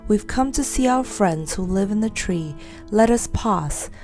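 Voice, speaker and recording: A brave, curious boy in a children's storybook, as a woman reading aloud puts him on. He speaks firmly and eagerly. The voice stays mellow with a gravelly grain. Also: mid-range voice, animated, a little slow, faint music behind. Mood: determined.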